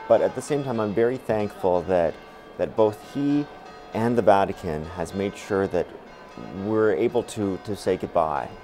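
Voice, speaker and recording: A man, a reporter, gives thoughtful live commentary with frequent restarts. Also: low-pitched.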